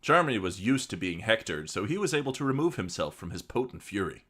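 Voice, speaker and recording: A man co-hosting a comedy show, giving a deadpan dramatic reading with lively swings. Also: fairly low pitch, brisk, breathy edge. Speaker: comedy podcast co-host reading fan fiction aloud.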